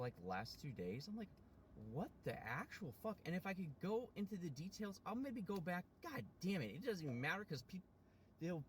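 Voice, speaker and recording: A man's voice: on the high side, a little hiss or hum. A man rambling through a personal story in a vlog, swearing often and restarting his sentences. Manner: rambling, profane, many restarts and fillers. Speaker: vlogger.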